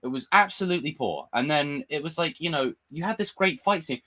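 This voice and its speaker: This young streamer's voice sits a little high and he talks briskly, ranting animatedly and cursing a lot as he chats casually with his audience. The sound comes from a desk mic with camera.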